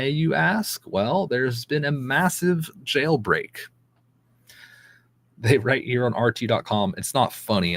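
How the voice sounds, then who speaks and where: A man with a fairly low voice hosts a daily news show. He reads articles aloud and breaks into chatty, skeptical asides, sometimes tripping over unfamiliar names. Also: fairly bright tone. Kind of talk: casual news commentary, reading articles aloud.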